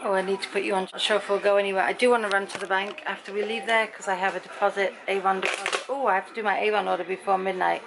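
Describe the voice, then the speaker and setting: A woman's voice: medium pitch, little pitch movement, racing, vocal fry, few pauses, noisy background. A middle-aged woman chatting at home in a rambling vlog, acting out the people she quotes. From Britain. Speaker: vlogger.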